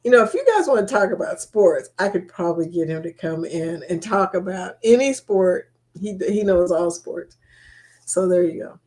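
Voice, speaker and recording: A woman's voice: on the low side, moderate pace, darkish tone. A woman hosting a casual live stream from her laptop, chatting to viewers by name and laughing often. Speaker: livestream host. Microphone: laptop mic.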